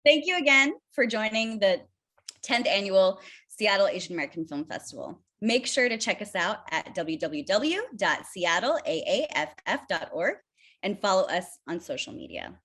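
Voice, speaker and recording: A woman hosting a festival interview over a video call, warm and giggly, often laughing through her lines. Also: medium pitch, lively intonation, moderate pace. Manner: giggly, keeps breaking into laughter. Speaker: festival staff host.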